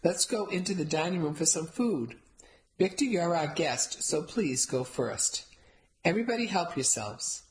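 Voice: mid-range voice, expressive, unhurried, reverberant, lightly acted, low-quality recording. A reader doing a welcoming mother. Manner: welcoming, calling to guests. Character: mother, warm hostess.

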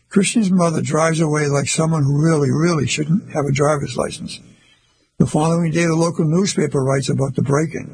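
A man narrating an audiobook in a calm, even storytelling voice. His tone is husky and rough, with a lot of creak in it. His pitch sits a little high for a man. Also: low-quality recording. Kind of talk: scripted narration.

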